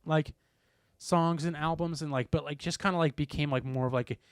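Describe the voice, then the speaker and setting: A young man chats on a podcast and loses his thread as he goes. His voice is smooth and resonant, and the recording is close and dry. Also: fairly high pitch, steady tone, moderate pace, no echo. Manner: rambling, heavy use of "like". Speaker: podcast co-host. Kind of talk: casual chat.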